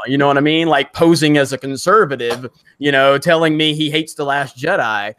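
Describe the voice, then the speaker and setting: Casting: man from Alabama, young adult stream host, loose rambling delivery, slightly high voice. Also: a bit bright, smooth. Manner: rambling, many fillers and restarts, quick laughs. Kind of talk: casual live stream chat.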